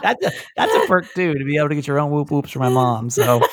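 A man's voice: a little high, fast talker, no room sound, studio quality. A man hosting a podcast, talking with a light Southern American accent in a rambling, self-interrupting way, often chuckling. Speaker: podcast host. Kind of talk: casual podcast chat.

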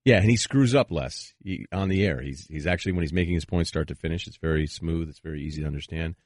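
A man's voice: low-pitched, quick pace, a little mellow, dry recording, clean studio sound. A man with a Boston accent hosting casual sports talk radio, joking in loose, self-deprecating banter.

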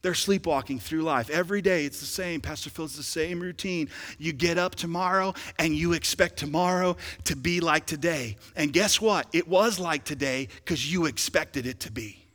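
Animated high-voiced pastor in a reverberant hall. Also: male voice, normal speed, hardly any pauses. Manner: animated, swinging from quiet asides to shouted exhortation; joking, playful. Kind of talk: sermon.

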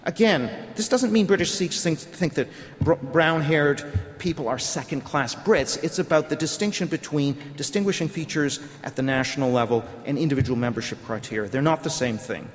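A middle-aged man delivers a prepared speech at a conference, arguing point by point and posing rhetorical questions. His voice sits a little high for a man. The sound carries a long reverb from the hall around him. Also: normal speed. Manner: argumentative, lecturing with rhetorical questions. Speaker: conference speaker.

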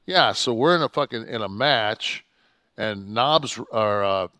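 A man's voice: lowish voice, expressive, unhurried, bright, forceful tone, dry recording. A man co-hosting a podcast, telling a story in a profane, heated, rambling way. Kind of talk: casual storytelling chat.

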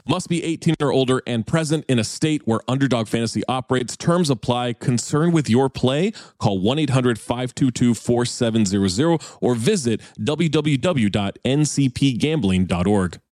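A man reading a sponsor ad on a podcast in an upbeat, emphatic sales pitch. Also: darkish tone, dry recording, clean studio sound. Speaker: ad reader. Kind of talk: podcast ad read.

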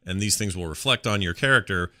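A low-pitched man co-hosting a casual chat show. His tone is bright and forceful. He rambles along, gesturing with his hands as he talks. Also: quick pace. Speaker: podcast co-host.

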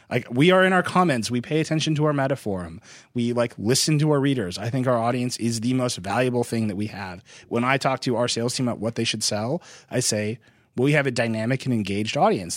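A man's voice: mid-range voice, no echo, studio quality. A man hosting a podcast who speaks bluntly and emphatically in heated, declarative bursts during a casual discussion. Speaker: podcast host and media editor.

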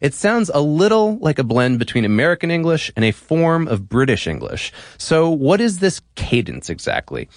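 A man's voice: medium pitch, no echo, studio quality. A man hosting an explainer podcast, reading a playful scripted narration. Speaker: podcast host.

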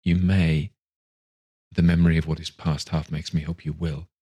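A man reads the part of a young woman speaking softly and with quiet steadiness, hurt but composed. The voice stays low and strikingly smooth, a storybook reading. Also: moderate pace. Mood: gently sorrowful. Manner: soft and gentle, steady. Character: gentle young woman releasing her sweetheart.

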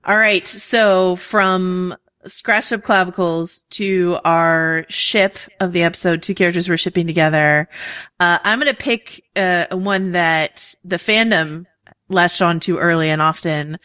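A woman's voice: lowish voice, a bit bright, smooth, dry recording, clean studio sound. A woman co-hosting a podcast, chatty and enthusiastic, laughing often as she talks. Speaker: podcast co-host. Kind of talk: casual podcast chat.

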